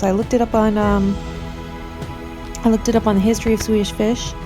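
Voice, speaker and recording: A woman hosting a casual vlog, talking in a rambling, earnest way and getting defensive toward critics. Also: medium pitch. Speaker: video host.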